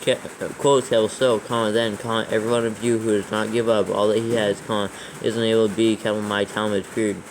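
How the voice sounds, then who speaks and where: A man's voice: lowish voice, little pitch movement, fast, hardly any pauses, background noise. A man reading scripture aloud for proofreading, steadily naming every comma, capital and quote mark as he goes. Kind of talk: dictating text with punctuation read aloud.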